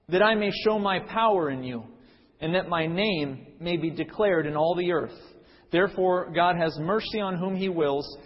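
A man's voice: on the high side, big-room sound, lo-fi sound. A male pastor preaching a sermon, telling a story then teaching earnestly with frequent fillers and restarts.

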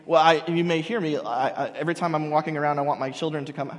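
A man preaching a sermon in an animated way, acting out quotes, with frequent restarts. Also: on the high side, fast, hardly any pauses, big-room sound. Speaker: pastor.

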